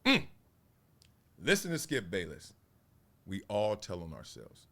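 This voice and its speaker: A man, giving playful, animated casual commentary on sports media. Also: fairly low pitch, measured pace. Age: 40s. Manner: animated, playful, acts out quotes in voices.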